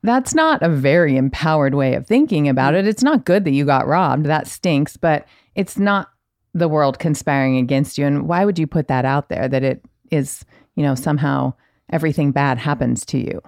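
Deep-voiced blunt woman guest. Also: lively intonation, normal speed, a little mellow, no echo, studio quality. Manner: blunt, emphatic. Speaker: writer guest. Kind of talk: casual podcast conversation.

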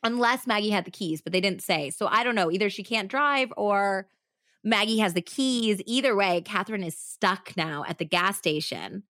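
A woman with a medium-pitched, slightly bright voice co-hosts a true-crime podcast at a moderate pace, recorded on a close mic with no echo. She reads a story aloud as narration, then chats casually about it with fillers.

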